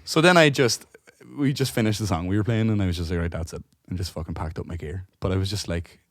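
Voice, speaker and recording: Male co-host, low voice, close dry sound, lively storyteller who swears freely. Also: fast, no echo. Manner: animated, swears freely, acts out quotes. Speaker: podcast co-host. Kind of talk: casual storytelling chat.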